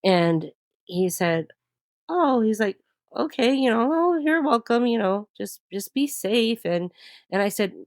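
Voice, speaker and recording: Animated woman telling a personal story. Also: a little high, measured pace, no echo. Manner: animated, laughs often while telling. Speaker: interview guest.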